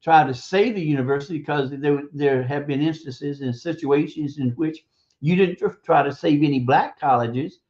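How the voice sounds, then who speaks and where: A man giving blunt, profane, scornful opinion commentary on a radio stream, halting and hesitant between points. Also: a little high, a little mellow. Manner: hesitant, halting delivery with drawn-out pauses. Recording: dull lo-fi stream audio.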